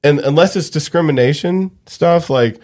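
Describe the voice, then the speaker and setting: A man's voice: on the high side, moderate pace. A man co-hosting a comedy podcast, chatting casually and swearing freely. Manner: animated, swearing. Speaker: podcast co-host. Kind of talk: casual chat.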